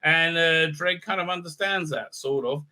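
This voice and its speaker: A man's voice: on the high side, normal speed, pushed and bright. A man giving a sarcastic, profane recap review full of fillers and restarts. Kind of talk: casual ranting recap.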